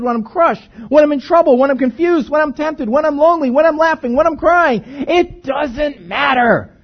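A man preaching a sermon in a conversational, animated way, asking the congregation rhetorical questions. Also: high voice, slightly rough, muffled recording. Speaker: pastor.

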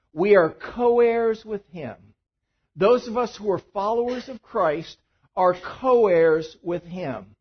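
A male pastor preaching a sermon, swinging between loud emphatic bursts and quiet asides. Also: sits high, husky, highs cut off. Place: church.

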